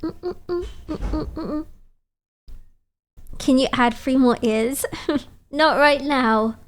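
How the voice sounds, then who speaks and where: A woman's voice: sits high, fairly even intonation, takes it slowly. A woman streamer chatting casually and playfully, reading out viewer messages and teasing back at a desk mic.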